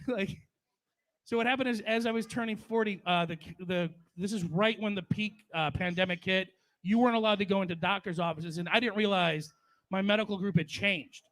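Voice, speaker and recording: A man's voice: sits high, moderate pace, a bit bright. A man in his forties doing crude, profane stand-up storytelling at a memorial. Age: 40s. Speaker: stand-up comedian.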